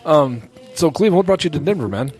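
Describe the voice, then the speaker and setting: A man's voice: a little high, expressive, quick pace, a little mellow. A man hosting a casual comedy podcast interview, chatty and joking with his guests. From Colorado. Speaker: podcast host and comedy promoter.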